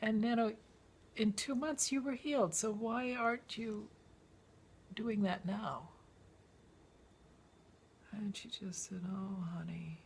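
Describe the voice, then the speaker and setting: A woman reads a story from her memoir in a slightly high voice, slow and pausing often, with a faint hiss or hum present. Her telling is lively: she acts out what others said and breaks into song at times.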